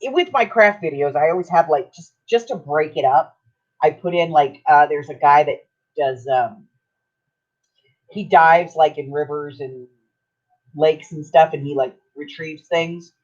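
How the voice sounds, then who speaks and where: A woman's voice: low-pitched, measured pace, a little mellow. An older woman hosting a craft livestream, chatting in a rambling, self-mocking way while she works. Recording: dull lo-fi stream audio.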